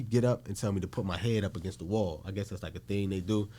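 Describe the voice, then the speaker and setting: A man's voice: sits low, fast talker, dark tone. A man from Newark, New Jersey, a podcast guest telling a story in casual, blunt, profane talk and acting out the voices he quotes.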